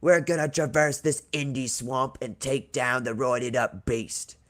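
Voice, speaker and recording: A man's voice: mid-range voice, steady tone, unhurried, a bit bright, close to an everyday voice. A man voicing a wrestler who puts on a hammy Australian accent as a wildlife-show host. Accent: put-on Australian. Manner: hammy, playful.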